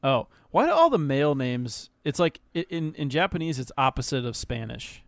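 A young man co-hosting a podcast in casual chat, joking and quick to laugh. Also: medium pitch, very animated, vocal fry, no echo. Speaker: podcast co-host.

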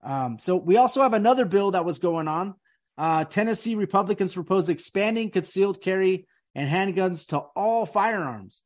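A man's voice: sits high, animated, normal speed. A man hosting a casual podcast chat, emphatic, often repeating himself and restarting sentences. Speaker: podcast host.

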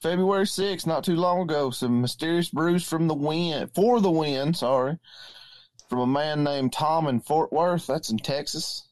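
A man's voice: on the high side, normal speed, darkish tone, no echo. A man co-hosting a casual podcast over a laptop mic, joking and swearing freely. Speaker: podcast co-host.

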